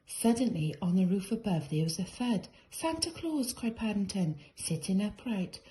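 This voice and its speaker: Woman, storybook read-aloud, mellow tone, expressive. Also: mid-range voice, normal speed, rough recording. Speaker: reader.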